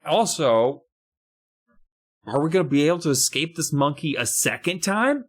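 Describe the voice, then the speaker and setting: A panicky, foul-mouthed boy who is alarmed at everything, as a man puts him on. The voice sits a little higher and louder than the man's own. It's a comedic retelling. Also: sing-song, moderate pace.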